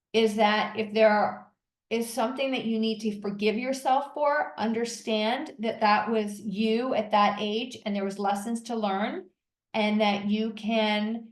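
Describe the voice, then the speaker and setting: A middle-aged woman hosting a solo podcast, coaching listeners through a calming exercise, tired after a long day of talking. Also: on the high side, roomy sound, rough recording.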